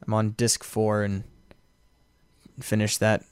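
Smooth-voiced man, rambling podcast co-host. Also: medium pitch, moderate pace, no room sound. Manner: excited, rambling, laughs often. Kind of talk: casual chat.

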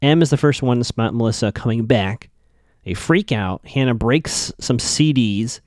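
A man's voice: mid-range voice, moderate pace, a little mellow, no room sound, clean studio sound. A man casually recapping a TV episode in a chatty, offhand way with frequent fillers.

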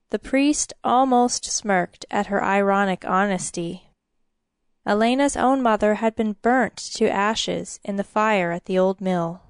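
A woman narrating a story in a measured, even storytelling manner. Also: mid-range voice, clear, resonant tone, dry recording, studio quality.

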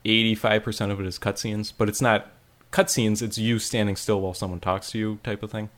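A man chatting casually about a video game, rambling with lots of "like" and animated retelling. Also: fairly low pitch, fairly quick. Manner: rambling, frequent "like", animated storytelling. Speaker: podcast co-host reviewing a game. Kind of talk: casual chat.

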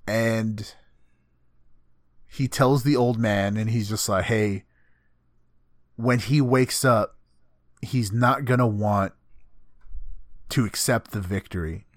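A man's voice: on the low side, slow pace, pauses often, no room sound, clean studio sound. Man animatedly retelling an anime. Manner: animated retelling, swears often, acts out characters' lines. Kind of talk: casual anime recap chat.

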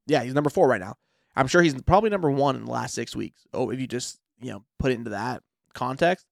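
A man co-hosting a fantasy football podcast, relaxed and agreeable, full of fillers like "I mean" and "like". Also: mid-range voice, quick pace, vocal fry, no echo, studio quality. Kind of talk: casual sports chat.

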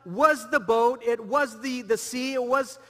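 A man's voice: very high-pitched, measured pace, fairly bright tone, big-room sound. A man preaching a sermon, asking rhetorical questions and repeating phrases as he builds his point. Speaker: pastor.

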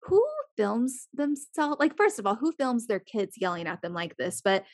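A young woman chatting casually as a podcast co-host, animated, swearing freely and acting out the people she quotes. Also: a little high, moderate pace, no room sound, clean studio sound. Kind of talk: casual chat.

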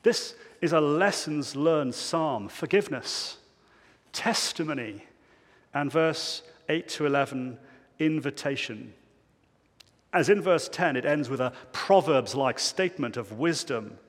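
A male pastor preaching a sermon in a church, emphatic, swinging between loud declarations and hushed low phrases. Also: animated, measured pace, in a large hall.

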